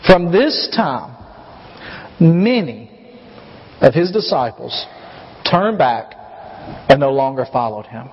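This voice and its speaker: A man preaching a sermon as pastor, telling the story in an animated way and acting out voices. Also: medium pitch, slow pace, pauses often, slightly rough. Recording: muffled recording with long hall reverb.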